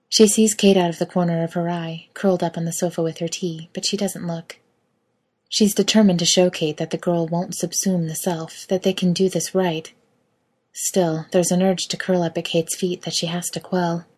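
Brief: woman narrator for an intimate story; husky, dark-toned, soft and unhurried. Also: fairly low pitch.

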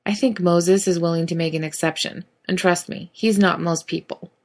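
A woman voicing a blunt, protective young man, speaking in her own lowish voice. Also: steady tone, normal speed, darkish tone. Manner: blunt, urgent.

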